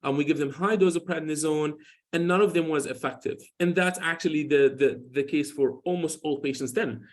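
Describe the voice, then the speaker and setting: Speaking briskly in a slightly high voice, a male dermatologist in his forties lectures on skin medicine in a hospital. The talk meanders, full of restarts and "you know," as he casually relates cases from his patients.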